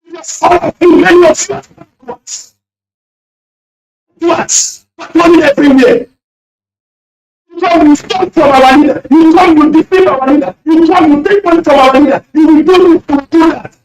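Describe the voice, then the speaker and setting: A man calling in to a radio show, speaking emotionally in rapid-fire accusations and shouting at times. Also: very high voice. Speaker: caller. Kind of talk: impassioned radio call-in speech. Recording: echoey and distant line.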